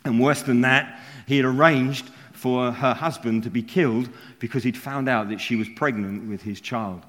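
A man's voice: mid-range voice, normal speed, fairly bright tone. A man preaching a sermon, telling stories with frequent chuckles. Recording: long hall reverb.

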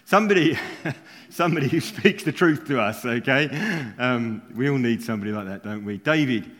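A man's voice: medium pitch, moderate pace, a bit bright. A man preaching a sermon, telling stories with frequent chuckles. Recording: long hall reverb.

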